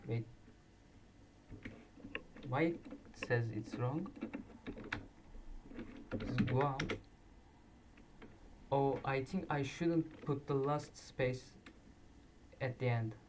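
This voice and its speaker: Slow, halting man with typing behind. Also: mid-range voice, background noise. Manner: halting, thinking aloud, self-correcting. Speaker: quiz video creator. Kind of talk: casual commentary while playing a flag quiz. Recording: distant mic with loud keyboard typing. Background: keyboard clicks and typing.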